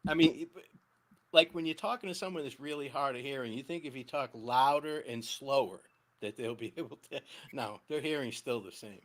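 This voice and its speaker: A man from Boston, a guest on a casual podcast, telling stories in an animated way, laughing mid-sentence and swearing casually. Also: mid-range voice, a little fast. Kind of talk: casual storytelling chat.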